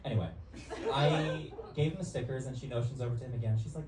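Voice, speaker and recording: A man's voice: medium pitch, fast talker. A man casually telling a story on a podcast, acting out the voices of the people in it and laughing often. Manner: animated, acts out quotes, laughs often. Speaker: podcast co-host. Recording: echoey room, distant mic, noisy.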